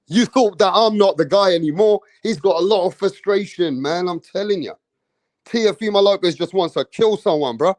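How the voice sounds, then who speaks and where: A man giving casual boxing commentary, excitable and slangy, repeating himself for emphasis. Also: high voice, normal speed, no echo.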